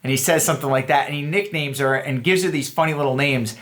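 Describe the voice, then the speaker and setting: A man's voice: a little high, fast talker, fairly bright tone. A man, a dating coach, giving a loose, rambling instructional talk full of fillers and restarts. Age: adult.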